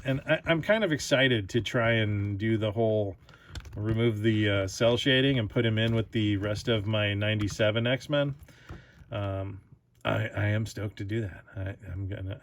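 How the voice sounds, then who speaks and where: A man's voice: on the low side, a little hiss or hum. A man hosting his own toy review channel, talking casually, giggling often and restarting his sentences.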